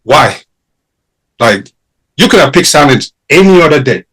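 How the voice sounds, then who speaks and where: A man's voice: on the high side, big pitch swings, a little slow, a bit bright, breathy edge, rough recording. Blunt joking man from Africa. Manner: blunt and joking, uses slang and swears. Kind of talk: casual group discussion.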